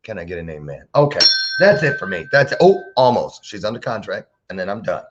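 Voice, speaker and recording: Playful animated male talk show host. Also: sits low, fast, very noisy. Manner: playful, animated, preacher-like banter. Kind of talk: casual interview chat. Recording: dull lo-fi sound.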